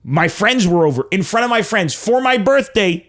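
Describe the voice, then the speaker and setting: Brief: young male comedy podcast host, animated swearing storyteller, voice sits a bit high. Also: brisk, hardly any pauses. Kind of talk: casual comedic monologue.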